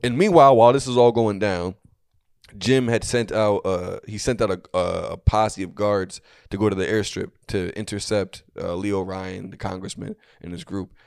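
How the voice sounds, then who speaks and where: This young man talks in a low voice, recounting a story casually on a podcast. He circles back, stumbles and fills gaps as he goes. The recording is dry and close. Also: fairly even intonation, normal speed, gravelly, a little mellow, clean tone, dry recording. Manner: rambling, many fillers and restarts. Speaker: podcast co-host.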